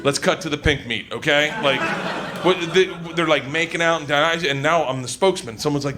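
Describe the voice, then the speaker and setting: A man doing stand-up, telling a rowdy story loudly, laughing and acting out the characters. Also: a little high, fast, background noise. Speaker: stand-up comedian.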